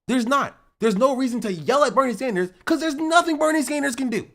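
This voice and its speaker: In a heated livestream rant at chat, a streamer lectures viewers with short, repeated, punchy phrases and swears freely. The voice is high-pitched and a bit bright, with lively intonation at a fairly quick pace.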